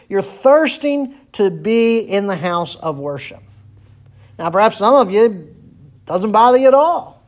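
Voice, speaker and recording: A man preaching a sermon as pastor, earnest and repeating phrases for emphasis. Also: high voice.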